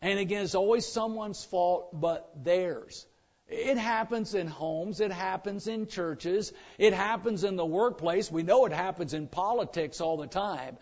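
A high-voiced man with a drawl preaches with lively, joking energy, slipping into mocking voices of complainers. The recording sounds a bit dull and lo-fi. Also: unhurried. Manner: animated, joking, mimics complainers. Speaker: pastor. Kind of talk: sermon.

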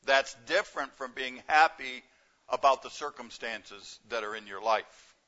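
A man's voice: mid-range voice, a little slow, pushed and bright, muffled recording. A man preaching a sermon as a pastor, in a conversational way that repeats key phrases.

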